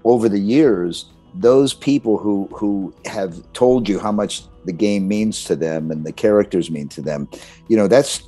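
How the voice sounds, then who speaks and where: An older man speaks as a guest in a relaxed interview. His voice sits very low, and he reflects aloud with easy chuckles and restarts. Faint music plays underneath. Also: unhurried. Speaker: guest voice actor. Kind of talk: casual interview chat.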